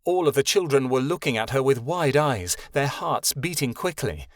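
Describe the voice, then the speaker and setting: A man narrating a young-adult fantasy audiobook in a steady storytelling manner, giving each character its own voice. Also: medium pitch, normal speed, dry recording, clean studio sound. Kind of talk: scripted narration.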